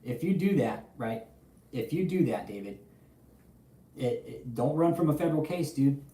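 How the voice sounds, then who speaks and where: A young man hosting a livestream, talking casually in a profane, animated way. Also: medium pitch, normal speed, roomy sound, distant mic. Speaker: livestream host.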